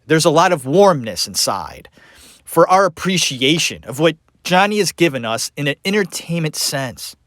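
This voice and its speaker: A man's voice: a little high, a bit bright, no echo, studio quality. A man hosting a podcast, ranting sarcastically and emphatically in a solo opinion monologue. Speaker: podcast host.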